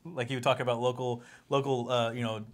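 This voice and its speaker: A man's voice: medium pitch, level tone, a little fast. A man co-hosting a casual pop-culture podcast, rambling through stories, restarting sentences and laughing at his own jokes. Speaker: podcast co-host.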